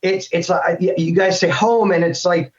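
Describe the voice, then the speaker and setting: A man's voice: sits high, steady tone, moderate pace. Middle-aged American male guest, raised voice, chatty and meandering, muffled recording. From United States. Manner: rambling, thinks aloud with many restarts. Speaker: guest voice actor. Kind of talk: casual interview chat. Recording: dull lo-fi sound.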